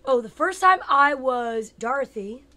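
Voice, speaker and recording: A woman's voice: sits high, animated, unhurried, bright, forceful tone. Rambling, joking woman in her fifties. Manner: rambling, playful, self-mocking, chats to viewers by name. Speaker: comedian hosting her own show. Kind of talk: casual comic live chat with viewers.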